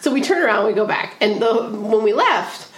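A woman telling a story in casual chat, animated, laughing often and swearing freely. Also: a little high, moderate pace. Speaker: podcast co-host telling a story. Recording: roomy echo.

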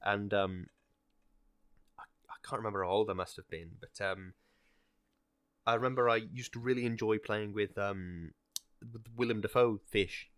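Low-voiced hesitant man chatting. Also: moderate pace, long pauses, fairly bright tone, clean tone, dry recording, clean studio sound. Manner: rambling, hesitant, many fillers and restarts. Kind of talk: casual film chat.

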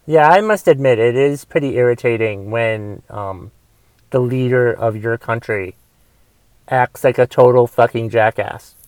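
A man hosting a podcast, ranting with heavy swearing, going from mumbled asides to loud angry outbursts. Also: mid-range voice, unhurried, no echo. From United States. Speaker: podcast host. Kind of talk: casual rant podcast.

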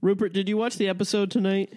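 A man's voice: high voice, flat delivery, fast talker, a little mellow. A man hosting a podcast in casual comedic chat, laughing often and playing along with disbelief. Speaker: podcast host.

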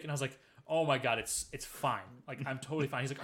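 A man in casual chat, telling a story quickly and loosely with a lot of swearing. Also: medium pitch, a bit bright. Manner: fast, profane storytelling. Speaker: podcast co-host.

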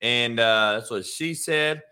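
A man's voice: medium pitch, takes it slowly, bright, forceful tone, clean tone. A man hosting a casual solo podcast, hyped and slangy, swearing freely. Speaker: podcast host.

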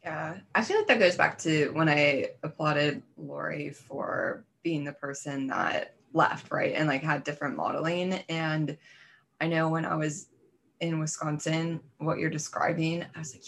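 A woman's voice: low-pitched, expressive, normal speed, vocal fry. A woman in casual conversation, reflecting on her own experience and affirming her friend. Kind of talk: casual chat.

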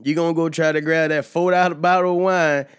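A young man hosting a casual solo podcast, loose and joking, sometimes getting loud and animated. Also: on the high side, a little fast, clear, resonant tone. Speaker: podcast host.

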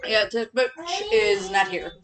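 A woman co-hosting a casual true-crime podcast from her couch at home, chatty and animated. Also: mid-range voice, measured pace, crowd noise. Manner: chatty, animated, laughs often. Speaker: podcast co-host. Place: home living room, on a couch.

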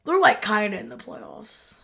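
A woman's voice: a little high, lively intonation, moderate pace, gravelly, fairly bright tone, breathy edge. A woman co-hosting a podcast, laid-back and teasing, who laughs easily while recapping an episode. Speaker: podcast co-host. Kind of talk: casual episode recap chat.

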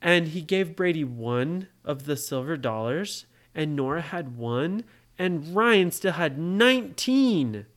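A parent telling a made-up story to a child, pausing to ask the child questions. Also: medium pitch, lively intonation. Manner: slow, asks the listening child questions. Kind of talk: bedtime story told to a child.

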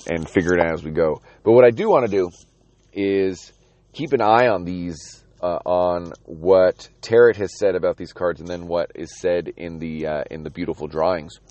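A man's voice: low voice, normal speed, a little mellow, dry recording. A man talking casually about a comic book, rambling with restarts and reading passages aloud.

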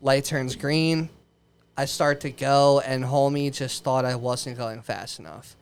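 A man's voice: medium pitch, fairly even intonation, unhurried, smooth. A man co-hosting a podcast in a studio, telling a rambling, profane story in casual chat, dropping "dude" a lot and laughing along. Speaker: podcast co-host.

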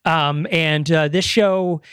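A man's voice: a little high, steady tone, slow, a bit bright, clean tone, dry recording, clean studio sound. A man co-hosting a podcast, chatting casually, rambling and enthusiastic with casual swearing. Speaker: podcast co-host. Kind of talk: casual chat.

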